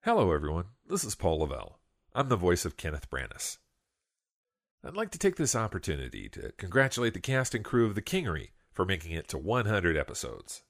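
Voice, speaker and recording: A man who is a voice actor, giving a polite, measured message of congratulations. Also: deep voice, wildly swooping pitch, fairly bright tone.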